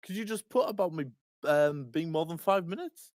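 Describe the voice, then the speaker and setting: Lively man, dry close sound. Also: a little high, moderate pace, no room sound. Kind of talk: casual gaming voice chat.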